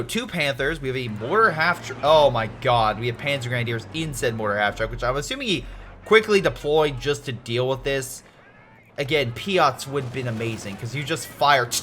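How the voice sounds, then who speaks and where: A man casually commentating a strategy game replay, animated and excitable, joking and swearing at the screen. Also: mid-range voice, slight background noise.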